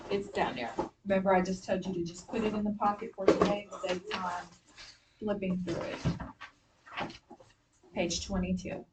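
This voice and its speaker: A woman's voice: medium pitch, normal speed, long pauses, distant mic, heavy background noise. A woman teacher giving a spelling lesson to young pupils, patient and directive, walking them step by step through each instruction. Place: classroom.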